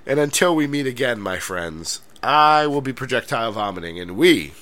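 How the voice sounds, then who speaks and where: A man's voice: medium pitch, expressive, moderate pace, very noisy. A man co-hosting a wrestling podcast in casual chat, joking and playing mock exasperation as he signs off. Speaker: podcast co-host.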